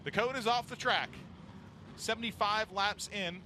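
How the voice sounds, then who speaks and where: Excitable high-voiced race announcer. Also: male voice, a little slow, a little hiss or hum. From New York. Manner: jokey, laughs often, excitable on the action. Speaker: play-by-play announcer. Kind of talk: live racing commentary.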